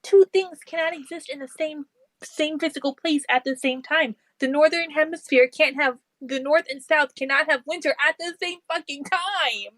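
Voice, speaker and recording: A woman's voice: high voice, moderate pace, a bit bright, dry recording, low-quality recording. Woman co-host with a slight lisp, indignant and blunt; dry, close recording. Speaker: co-host commenting on a video. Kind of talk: casual chat.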